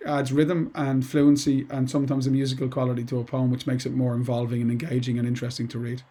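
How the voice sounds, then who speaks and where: Speaking fast in a dark, monotone mid-range voice, this middle-aged man teaches poetry as an English teacher. The informal lesson wanders, with plenty of asides and restarts.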